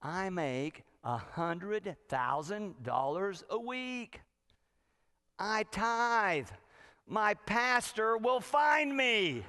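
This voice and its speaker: A pastor voicing a relaxed wealthy castaway who speaks in a matter-of-fact way. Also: male voice, high voice, very slow, clean tone, voice pushed up, heavily acted. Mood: unbothered. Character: calm, unbothered wealthy castaway.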